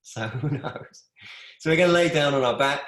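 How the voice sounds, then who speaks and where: A man's voice: fairly high pitch, moderate pace, fairly bright tone, echoey room. A middle-aged man leading a live online yoga class over a video call from his home, chatty, affectionate and rambling. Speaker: yoga teacher. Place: room at home with a wood stove.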